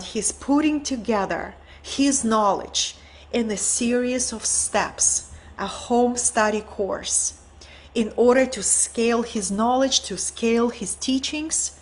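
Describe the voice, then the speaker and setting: A woman hosting an online teaching event, telling an inspiring story in an earnest way and often checking in with her listeners. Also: on the high side.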